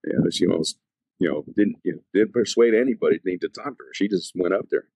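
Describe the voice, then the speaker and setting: A man's voice: low-pitched, quick pace, gravelly, dark tone, husky, dry recording. A man, an evangelist, telling his conversion testimony in casual, slangy talk full of fillers and restarts.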